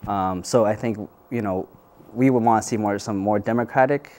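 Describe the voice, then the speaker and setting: Soft-spoken man with low voice. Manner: measured, thoughtful, frequent fillers. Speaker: community organizer guest. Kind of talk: news interview.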